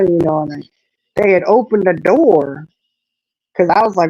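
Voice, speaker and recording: A middle-aged woman, chatting casually and telling a lively story, acting out the voices in it. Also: fairly low pitch, moderate pace, long pauses, dry recording, dull audio. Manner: animated storyteller, acts out quotes. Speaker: host. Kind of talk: casual chat.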